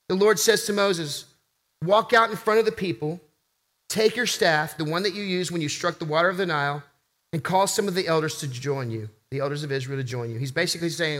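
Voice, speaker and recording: A man's voice: sits high, moderate pace, long pauses, fairly bright tone. A man preaching a sermon as pastor, impassioned, rising and falling for emphasis.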